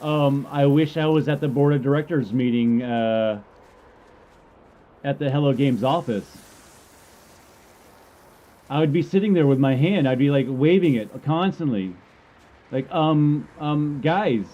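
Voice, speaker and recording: A man's voice: mid-range voice, measured pace, pauses often, lo-fi sound. A man ranting about a game update, rambling and stammering in frustration. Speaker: gamer commentator. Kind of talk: ranting commentary.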